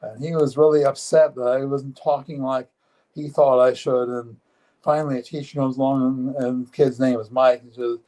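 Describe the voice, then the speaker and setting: Older male interview guest, 70s, mellow dark tone, earnest and plain-spoken, halting phrasing. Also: medium pitch, flat delivery, poor audio. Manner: earnest, matter-of-fact, halting with frequent restarts. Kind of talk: live-streamed personal interview.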